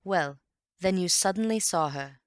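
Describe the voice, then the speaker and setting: A woman reading an audiobook and voicing a calm, wry gentleman amateur detective who reasons in an unhurried, teasing way. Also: lowish voice, no room sound, studio quality. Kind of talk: audiobook character voice.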